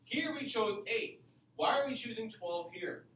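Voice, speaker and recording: A man teaching algebra to a class, energetic, asking the students questions and repeating key points. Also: very high-pitched, unhurried. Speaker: math teacher. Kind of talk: classroom lecture. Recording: echoey classroom from far off, faint noise.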